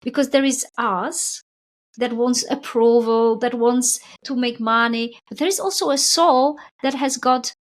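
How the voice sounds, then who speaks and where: A woman's voice: on the high side, a little slow. A middle-aged woman, a spiritual coach who is a guest on a podcast, telling stories animatedly and often adding a questioning "right?". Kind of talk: podcast conversation.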